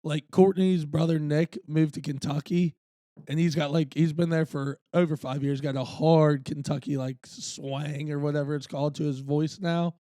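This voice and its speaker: Young male co-host, mellow slightly high voice, relaxed, dry room. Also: moderate pace, no room sound. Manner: laid-back, swears, laughs often. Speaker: podcast co-host. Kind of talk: casual sports chat.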